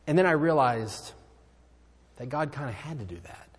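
Missionary guy preaching in a church, husky and a bit high, earnest, drops to near whispers, big echoey hall. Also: moderate pace, pauses often. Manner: earnest, swings from loud exclamations to hushed near-whispers. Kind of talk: missionary sermon appeal. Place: church sanctuary. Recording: hall reverb.

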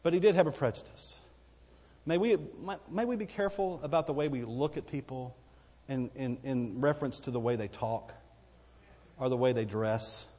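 Medium in pitch, dark in tone and at normal speed, a man from Texas preaches as pastor in a church sanctuary. He talks in a folksy, conversational style, asking for amens, and long reverb from the church hall is audible.

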